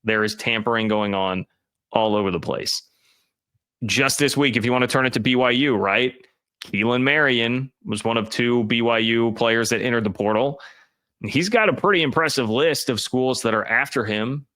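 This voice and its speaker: A man's voice: mid-range voice, moderate pace, sharp tone, clean tone. A man giving emphatic, opinionated college football commentary, talking directly to his chat viewers.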